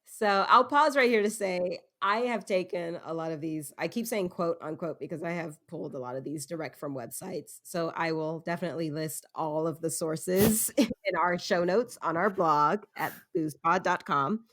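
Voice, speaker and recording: Giggly, lower-pitched woman podcast host. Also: moderate pace, a bit bright. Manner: giggly and self-deprecating, laughs often mid-sentence. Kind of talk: casual storytelling chat.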